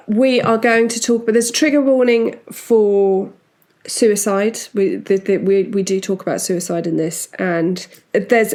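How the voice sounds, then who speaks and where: A woman's voice: mid-range voice, a little mellow. A woman hosting a podcast, telling a true-crime story in a casual, chatty way with restarts and asides. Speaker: podcast host.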